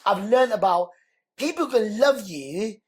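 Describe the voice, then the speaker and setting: A man, a podcast guest, telling his story in a lively, conversational way and acting out the dialogue. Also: high voice, unhurried, husky. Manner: animated, acts out quoted dialogue.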